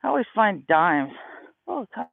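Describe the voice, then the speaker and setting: A man in his thirties with a fairly high voice, chatting and rambling through stories while he hikes uphill outdoors. He is a little out of breath, and his voice comes through a narrow, tinny phone mic. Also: sing-song, measured pace, creaky, dry recording. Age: 30s. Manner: rambling, storytelling. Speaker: livestreamer. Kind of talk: casual livestream chat while walking. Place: outdoors on a hillside.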